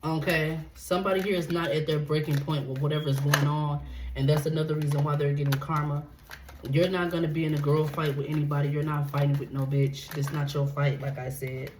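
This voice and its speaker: A woman's voice: low-pitched, brisk. Woman doing a tarot reading, talks blunt and swears a lot, roomy echo and noise behind her. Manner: blunt, profane, repeats "okay?". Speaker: tarot reader. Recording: echoey room with steady background noise.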